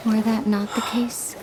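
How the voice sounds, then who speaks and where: A woman voicing a calm young traveler in a game cutscene, speaking softly and thoughtfully in a measured way. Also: medium pitch, close to an everyday voice. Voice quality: soft, hushed, contemplative. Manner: measured, reflective, gently questioning. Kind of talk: video game cutscene dialogue.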